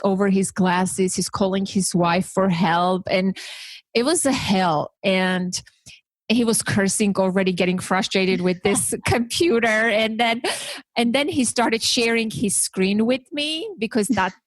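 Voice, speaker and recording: A woman hosting a podcast, chatting through her year in a relaxed, storytelling way. She gets animated and jumps her pitch when she quotes people. Her voice sits in a middle range and the sound is dry and close. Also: dry recording. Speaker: podcast host. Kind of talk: casual conversational storytelling.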